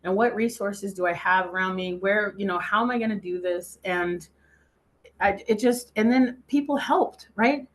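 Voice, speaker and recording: A woman's voice: mid-range voice, moderate pace. A woman giving a motivational talk, telling a personal story in a chatty way and quoting herself often. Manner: laughs easily. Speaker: speaker.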